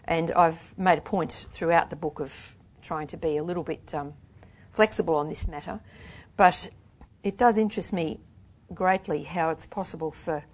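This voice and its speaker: An older woman with a fairly low voice talks through her book and reads passages aloud. She tells it with animated, emphatic storytelling. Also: moderate pace. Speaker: author reading from her novel. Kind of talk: author talk and book reading.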